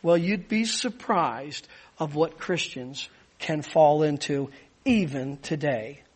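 A man preaching a sermon as pastor, teaching with lively rhetorical questions. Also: a little high, takes it slowly, husky.

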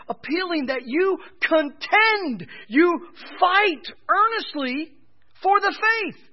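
A man preaching a sermon in a strikingly high voice that swoops and climbs with animated emphasis. He presses his points hard, growing louder on key words. The recording sounds dull and lo-fi. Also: husky. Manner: emphatic, rising in pitch and volume for stress. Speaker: pastor.

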